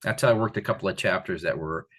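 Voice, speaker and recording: An older man from the Catskills talking as an author guest in a casual interview, rambling and animated, with many restarts. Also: deep voice, fast talker. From Catskills, New York.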